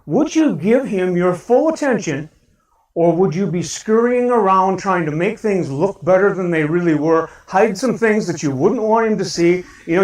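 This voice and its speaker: A man with a Midwestern American accent preaching a lively sermon as pastor, asking his congregation questions. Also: high voice. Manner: animated, shouts a cheerful greeting, talks to the congregation with questions. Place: church sanctuary. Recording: roomy church sound from a distance.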